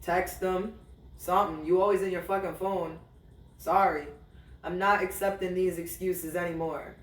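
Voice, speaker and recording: A man's voice: sits high, steady tone, moderate pace, far from the mic. A man hosting a podcast, telling a personal story in a blunt, profane way and speaking straight to his ex. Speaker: podcast host. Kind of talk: candid storytelling monologue. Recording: roomy, a little off-mic.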